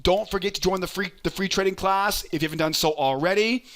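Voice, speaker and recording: A man hosting a trading lesson, walking through charts in an energetic, coaching way and often checking in with "right?". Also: high voice, fast. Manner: energetic, keeps asking "right?"; coaching, urges patience. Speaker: trading educator and host.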